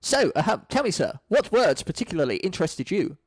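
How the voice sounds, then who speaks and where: A man's voice: high-pitched, sing-song, fairly quick, no room sound. A man reading a screenplay aloud, voicing a sardonic, scheming male butler with a dry, exasperated manner. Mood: sarcastic. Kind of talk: screenplay read-through.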